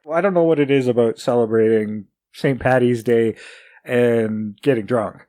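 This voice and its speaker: Casting: male podcast host, mid-pitched, jokey and chatty. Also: normal speed, warm tone, dry recording. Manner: jokey, chuckles often. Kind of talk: casual chat.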